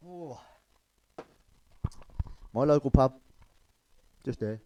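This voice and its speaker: A man's voice: mid-range voice, drawn-out words, long pauses, warm tone, poor audio. A man telling stand-up jokes, loose and chatty, chuckling at his own punchlines. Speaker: stand-up comedian.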